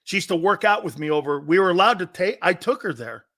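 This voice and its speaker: A middle-aged man hosts a casual sports talk live stream, his voice high-pitched, animated and sharp as he talks fast. He rambles through stories, laughs often and quotes other people.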